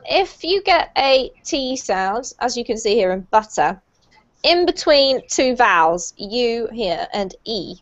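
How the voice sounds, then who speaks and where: A woman with a British accent teaching English pronunciation in an online group lesson, clear, patient and encouraging. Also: a little high. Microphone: video call. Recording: lo-fi online call audio.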